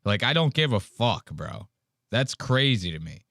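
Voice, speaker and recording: A man's voice: on the low side, measured pace, vocal fry, dry recording, studio quality. A man hosting a podcast, ranting in casual chat with lots of swearing. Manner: profane, ranting, animated. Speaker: podcast host.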